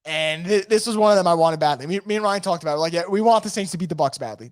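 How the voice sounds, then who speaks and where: A man hosting a casual live sports podcast from home, energetic and opinionated, rambling with frequent restarts. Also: high voice, fast talker, hardly any pauses, no echo, studio quality. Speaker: podcast host. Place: home room.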